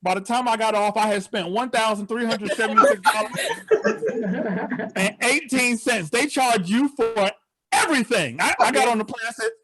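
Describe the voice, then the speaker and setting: High-voiced animated stand-up comedian. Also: male voice, normal speed. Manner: animated storytelling, acts out incredulous outbursts. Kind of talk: virtual stand-up set. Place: home, on a video call. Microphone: video call.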